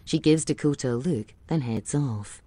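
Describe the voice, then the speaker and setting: A woman narrating audio description of a film in a steady, clear manner. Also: a bass voice, normal speed. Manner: steady, clear, scene-setting.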